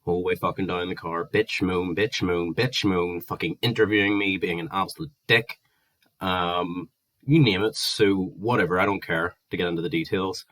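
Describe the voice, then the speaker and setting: A man's voice: low voice, steady tone, normal speed, fairly bright tone. A Northern Irish man in his twenties, ranting angrily and swearing at length in a vlog. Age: 20s. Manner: heated, sweary, exasperated ranting. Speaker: vlogger. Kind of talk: angry ranting monologue.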